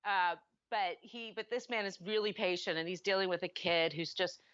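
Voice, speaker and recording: A woman's voice: lowish voice, moderate pace, fairly bright tone, clean tone, no echo, muffled recording. A woman co-hosting a podcast, chatting casually about a movie in a rambling way, often correcting herself mid-sentence. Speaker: podcast co-host.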